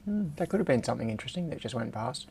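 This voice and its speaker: Gravelly Australian man tinkering on a livestream. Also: medium pitch, big pitch swings, rapid-fire, a little mellow, slight background noise. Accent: Australian, with a slight American tinge. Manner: rambling, self-mocking, talks to himself while tinkering. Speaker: host. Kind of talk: casual livestream, thinking aloud while working.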